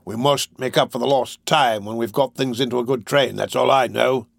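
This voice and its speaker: A man reading an audiobook, voicing a gruff, bullying male robber who snaps out his lines. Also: medium pitch, fairly even intonation, normal speed, dry recording. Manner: gruff, snapping.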